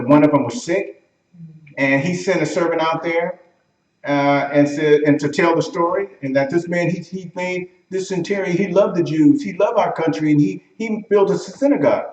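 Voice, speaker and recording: A man's voice: fairly high pitch, far from the mic, dull audio. Echoey, off-mic man preaching a teaching sermon. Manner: conversational, questions the congregation, acts out quotes. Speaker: pastor. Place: church sanctuary.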